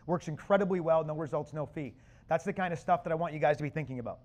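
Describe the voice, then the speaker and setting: A man presenting a live business seminar to an audience, loud, punchy and casual with slang. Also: fairly high pitch, racing. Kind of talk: energetic live seminar talk. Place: conference room with an audience.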